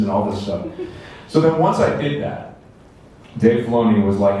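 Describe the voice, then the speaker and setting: A man answering fan questions at a convention, telling lively anecdotes and acting out quotes. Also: lowish voice, moderate pace, distant mic. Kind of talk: animated storytelling to an audience. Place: large convention hall. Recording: echoey convention hall from afar.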